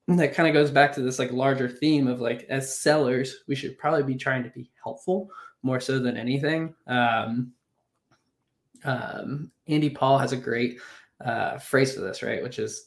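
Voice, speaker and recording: A man speaking as a webinar guest in a relaxed, conversational way, full of "like" and "um". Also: mid-range voice. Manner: relaxed, many fillers like "like" and "um". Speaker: guest, company co-founder. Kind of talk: casual conversational webinar talk.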